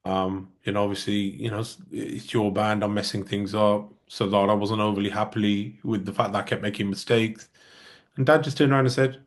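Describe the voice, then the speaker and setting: A man with a lowish voice speaks at an ordinary pace. He's a musician appearing as a guest in a casual interview, telling stories with lots of energy and performing the dialogue he quotes.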